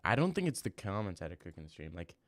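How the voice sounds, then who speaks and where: A brash young man talks casually on a livestream, answering his chat in loose, slangy bursts. His voice sits low, and the sound is dry and close with no room around it. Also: sing-song, fast, dry recording. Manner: brash, trash-talking, slangy, rambling. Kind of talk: casual live-stream chat.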